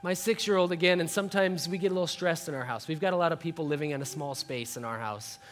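This pastor, a man in his thirties with a high voice, talks fast while preaching to a congregation in a church sanctuary, with slight background noise. His storytelling is lively, alternating between hushed murmurs and shouted moments as he dramatizes the scene.

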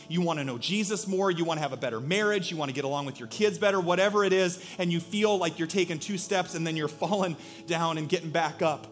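A male pastor preaching a sermon, telling stories in an animated way and acting out quotes. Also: sits high.

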